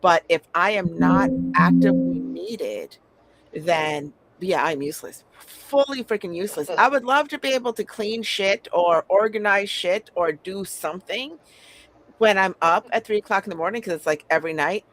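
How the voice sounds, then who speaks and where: A woman's voice: fairly low pitch, moderate pace, a bit bright. A woman chatting casually, blunt and wry, swearing freely, with a voice others find sleepy and soothing. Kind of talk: casual chat.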